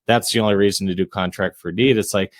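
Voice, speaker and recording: A man who is a real estate investor and realtor, a guest on a casual podcast interview, talking in a measured, introverted way with frequent filler phrases. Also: fairly low pitch, steady tone, dry recording, studio quality. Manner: measured, self-described introvert, frequent "you know" fillers. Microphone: podcast microphone.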